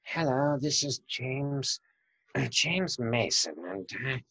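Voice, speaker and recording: A man doing an impression of an old film actor, with slow, posh delivery. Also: mid-range voice, animated, bright, forceful tone, slightly rough, full character voice. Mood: droll. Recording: dull lo-fi recording.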